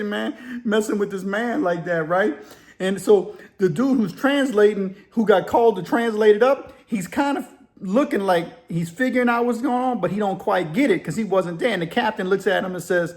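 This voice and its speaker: A man telling a prison story in a casual, animated way, acting out voices and often restarting his sentences. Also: sits high, normal speed. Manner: animated, acts out voices with gibberish sounds, many restarts. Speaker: storyteller recounting prison life.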